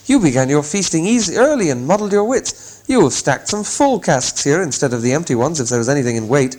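Man doing boisterous young male elves, storybook, jeering and merry, high and sharp. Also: sing-song, fast, poor audio. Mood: mocking.

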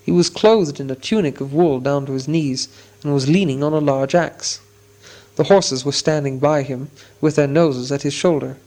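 A man reading a storybook aloud as narrator, steady and descriptive. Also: on the high side, normal speed. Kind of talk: audiobook reading.

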